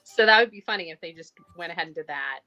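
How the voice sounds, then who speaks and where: A woman's voice: on the low side, expressive, fast talker, pushed and bright, muffled recording, soft background music. A woman co-hosting a casual pop culture podcast, chatty and enthusiastic, rambling from one thought to the next. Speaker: podcast co-host. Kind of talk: casual chat.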